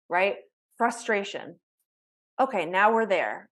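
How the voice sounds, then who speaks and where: A woman coaching a group over a video call, her mid-range voice rising and falling in a lively, animated way. She talks conversationally, breaking off and restarting sentences as she acts out examples of self-talk. The tone is that of a live online workshop. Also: mid-range voice, moderate pace. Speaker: life coach.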